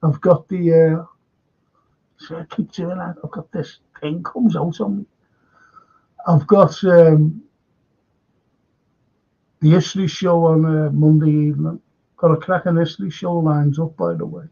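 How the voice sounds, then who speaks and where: A man's voice: a little high, a little slow, gravelly, pauses often, mellow. An older man with a Liverpool accent hosting a live current-affairs stream, rambling chattily and greeting viewers from the chat. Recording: dull lo-fi stream audio.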